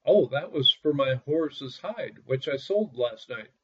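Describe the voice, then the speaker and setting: A man's voice: mid-range voice, expressive, measured pace, breathy edge. A man voicing a clever, sly poor male peasant in a fairy tale, talking in a coaxing way, on a dull lo-fi recording. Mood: pleased.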